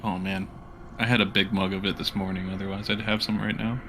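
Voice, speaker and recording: A man's voice: deep voice, flat delivery, a little fast, noisy background. A man guest-hosting a stream, easygoing and chuckling, reading a scary story aloud. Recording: faint horror music behind.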